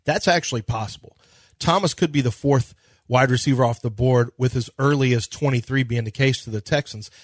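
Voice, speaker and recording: Lively male sports radio host. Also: mid-range voice, a little fast, dry recording, studio quality. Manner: animated storytelling, quotes others in conversation. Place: radio studio. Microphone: studio microphone.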